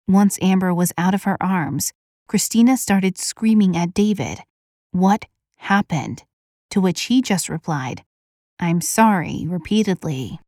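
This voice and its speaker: Woman, podcast host, true crime narration, steady even read, mid-pitched, dry close recording. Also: dry recording.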